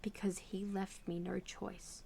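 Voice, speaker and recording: An Australian woman voicing a guilt-ridden, meek male townsman in a storybook game, speaking quietly and defensively. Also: medium pitch, level tone, a little slow, gravelly. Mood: ashamed.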